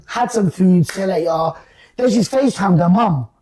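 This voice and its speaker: A man telling a story in casual talk, animated and slangy, acting out the voices of the people in it. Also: sits high, normal speed, husky. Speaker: guest storyteller.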